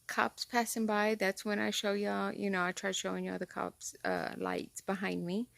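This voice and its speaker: A woman vlogger telling a story straight to her viewers from inside a car, rambling and excitable. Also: medium pitch, normal speed, gravelly, no room sound. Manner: talks straight to viewers, rambling and excitable, says "freaking" a lot. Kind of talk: casual chatty storytelling to camera.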